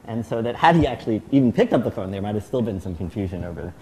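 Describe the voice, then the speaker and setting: A middle-aged man tells a long anecdote as a guest speaker at a celebration. His pitch swings up and down as he goes. He often stops and restarts his sentences. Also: fast, slight background noise. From United States. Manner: animated storytelling with frequent restarts. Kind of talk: anecdotal tribute speech.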